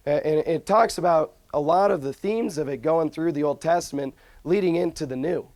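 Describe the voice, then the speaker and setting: A man's voice: on the high side, fairly quick, hardly any pauses, a little mellow, dry recording. A young man giving an informal, earnest talk on scripture, often restarting his sentences. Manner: earnest, frequent restarts and fillers. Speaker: religious speaker.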